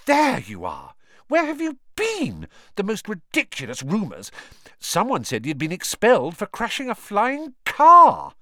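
A man's voice: high-pitched, wildly swooping pitch, unhurried, bright, forceful tone, dry recording, studio quality, voice pushed up, heavily acted. A man voicing a bossy, severe teenage girl. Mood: reproachful.

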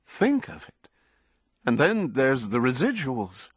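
A man's voice: mid-range voice, huge pitch swings, slow, breathy edge, dry recording, studio quality, voice pushed up, exaggerated voice. A man voicing a sweaty, fawning male business agent with a panting, dog-like voice. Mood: eager.

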